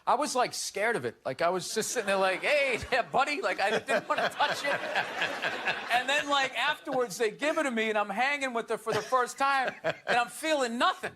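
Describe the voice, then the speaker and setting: A man's voice: very high-pitched, brisk, sharp tone. Laughing male comedian in a noisy room. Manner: laughing, rambling anecdotes. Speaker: comedian interviewee. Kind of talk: casual interview.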